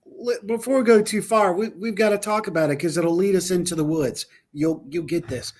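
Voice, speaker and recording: A man co-hosting a paranormal talk show, telling funny stories in an animated way and jumping high when he quotes people. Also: fairly quick. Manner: animated storyteller, voice jumps high for quoted shouts. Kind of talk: casual chat.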